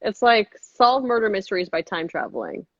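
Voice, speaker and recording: An animated woman in her thirties talks as a guest in a casual interview and slips into high, playful quoted voices. Her voice sits in a middle pitch. The recording is dry and a bit dull and lo-fi. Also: moderate pace, dry recording. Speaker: actress and filmmaker guest.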